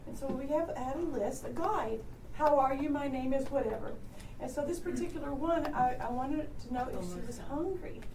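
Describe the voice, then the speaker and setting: High-voiced woman in an echoey room. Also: normal speed, a little mellow. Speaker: audience member. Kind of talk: sharing a story in a workshop. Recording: distant mic in an echoey room with crowd noise.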